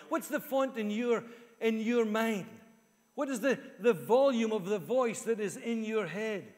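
High-voiced man preaching in a hall. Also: a little slow. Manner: earnest, repeats key phrases for emphasis. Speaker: pastor. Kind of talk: sermon. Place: church hall.

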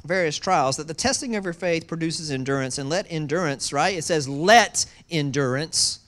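Lively pastor, sermon delivery, big swings between loud and quiet, plays out voices for laughs. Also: a little fast. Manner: animated, swings from loud excitement to hushed low tones; acts out quoted voices with humor.

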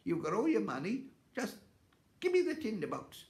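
A man voicing a secretive, snappish old witch in a high, piercing voice for a read-aloud fairy tale. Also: huge pitch swings, moderate pace, gravelly, darkish tone, full character voice. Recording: echoey room, voice off-mic.

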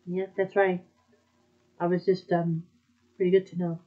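A woman voicing a laid-back adult female music teacher in a fan dub of an anime, with a low, drawling delivery. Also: flat delivery, a little slow, muffled recording, lightly acted. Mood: lazy.

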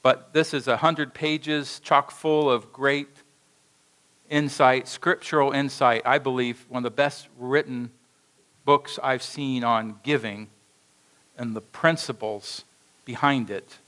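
Pastor guy preaching in church, lively storyteller, mid-range voice. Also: mid-range voice, takes it slowly, rough recording. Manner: animated storytelling with acted quotes. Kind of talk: sermon.

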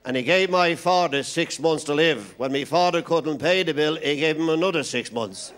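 Irish man telling quick stand-up jokes. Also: fairly high pitch. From Ireland. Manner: quick-fire joke patter with deadpan punchlines. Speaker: stand-up comedian. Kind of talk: stand-up comedy routine.

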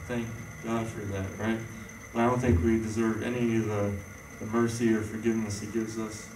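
Rambling preacher in an echoey hall. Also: male voice, fairly low pitch, background noise. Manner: rambling, conversational, frequent fillers and restarts. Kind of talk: informal sermon. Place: church hall. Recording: echoey room, voice from far off.

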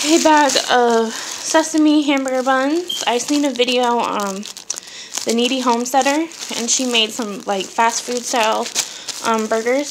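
A woman chatting casually over noise. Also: on the high side. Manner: chatty, with frequent ums and trailing asides. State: briefly out of breath. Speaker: vlogger showing a grocery haul. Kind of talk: casual chat.

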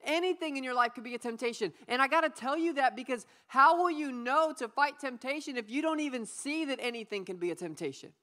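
A young adult woman giving a youth sermon, playful and lively, calling on the audience to repeat words back. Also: high voice, fairly quick, few pauses. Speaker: youth pastor. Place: church youth service.

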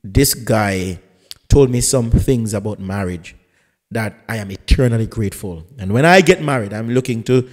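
A man's voice: fairly low pitch, moderate pace, long reverb tail. A man, a pastor hosting a live radio talk show, introducing his guest in a chatty, teasing way with rambling asides.

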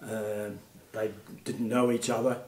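An Australian man in his eighties, a retired puppeteer, telling gentle stories in an interview with many fillers. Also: fairly low pitch, level tone, unhurried, recorded from a distance. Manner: gentle anecdotal storytelling, frequent fillers. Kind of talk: reminiscing interview. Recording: echoey room, off-mic.

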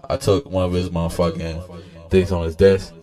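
Very deep male storyteller, laid-back and profane, faint beat behind. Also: flat delivery, moderate pace, over music. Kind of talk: comic rambling storytelling.

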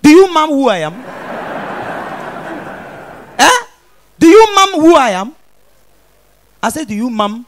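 A woman's voice: sits high, very animated, a little slow, pauses often. A man with a Nigerian accent voicing a haughty young woman who snaps indignant questions at a stranger in the street.

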